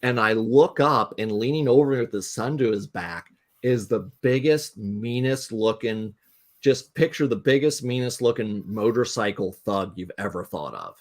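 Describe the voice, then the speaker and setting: A man with a fairly low voice tells a long, rambling story and fills the gaps with uh and you know. He is a guest on a relaxed live talk show. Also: moderate pace. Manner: rambling anecdotal storyteller, many fillers. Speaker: guest, game designer.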